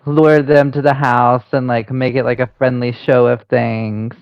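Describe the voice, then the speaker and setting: A man's voice: mid-range voice, flat delivery, a little slow, clean tone, no room sound. A man playing a tabletop game who chats casually about his character's plans, leaning on "like" a lot. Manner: chatty, explains his plans with lots of "like". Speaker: player. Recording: dull, dry lo-fi sound.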